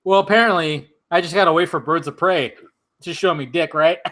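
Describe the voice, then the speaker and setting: A man's voice: fairly high pitch, a little fast, bright, forceful tone. A man hosting a casual drinking stream, rambling, swearing and laughing while he has the hiccups. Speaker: channel host.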